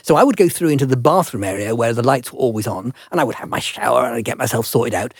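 In a dry recording, an older man speaks quickly at a medium pitch with a slightly rough voice. He is an interview guest, telling stories in a relaxed, chatty, self-deprecating way.

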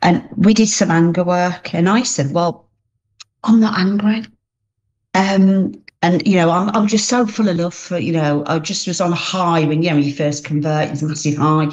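A woman's voice: on the low side, fairly even intonation, moderate pace, hardly any pauses, a little mellow, dull audio. A woman giving a heartfelt personal testimony as an interview guest, speaking earnestly and often restarting her sentences.

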